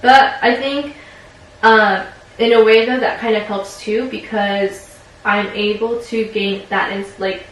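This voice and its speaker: A woman's voice: mid-range voice, steady tone, slow, fairly bright tone. A woman in her twenties, speaking as a client in a counseling session, reflective and hesitant with many fillers. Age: 20s. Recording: very echoey room, distant mic, faint noise.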